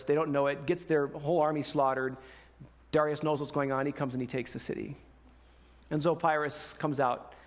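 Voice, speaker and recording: Male pastor, sermon, conversational storyteller, casual slang, slightly high voice.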